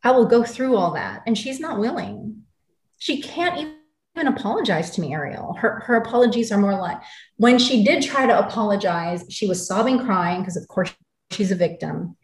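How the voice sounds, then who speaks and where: A woman's voice: medium pitch, animated, moderate pace. A woman in her forties from the United States, a guest in an interview who tells her story in an angry, intense and blunt way. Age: 40s. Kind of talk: emotional interview. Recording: roomy echo.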